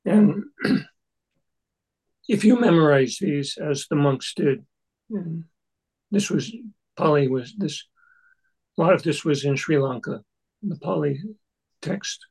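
An older man leading a text study group, speaking in a halting, thoughtful way with many restarts. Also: a little high, darkish tone, breathy edge, poor audio. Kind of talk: discussion of a Buddhist text.

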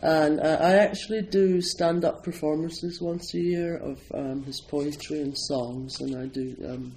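Older man from Scotland, slightly high voice, unhurried, chatty and digressive, easy laughs. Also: level tone, a little mellow, a little hiss or hum, low-quality recording. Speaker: speaker at a Zen centre. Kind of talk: casual talk introducing a poetry reading.

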